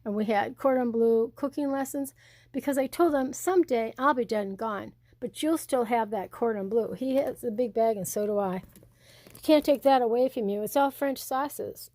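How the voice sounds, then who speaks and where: A woman's voice: fairly high pitch, warm tone, no room sound, clean studio sound. An older woman and blogger chatting in a rambling, storytelling way while showing her home. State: hard of hearing. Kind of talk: casual home tour vlog.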